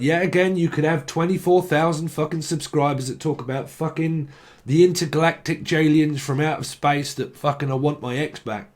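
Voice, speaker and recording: A man talks loosely through a tarot reading, his voice sitting at an ordinary middle pitch. He rambles, swears casually and chuckles between thoughts, wandering off topic as he goes. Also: a little hiss or hum. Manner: chatty, swears freely, chuckles often, drifts off topic. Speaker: tarot reader.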